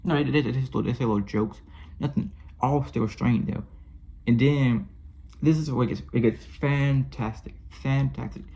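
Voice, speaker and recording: In a casual film review monologue, a man with a mid-range, warm voice speaks at normal speed, with vocal fry and a breathy edge. He gushes and rambles, frequently restarting and correcting himself mid-sentence.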